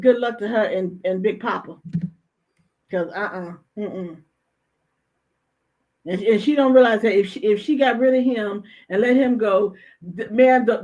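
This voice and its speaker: A woman's voice: mid-range voice, darkish tone. A woman hosting a casual live chat show, talking emphatically and repeating her phrases. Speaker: host.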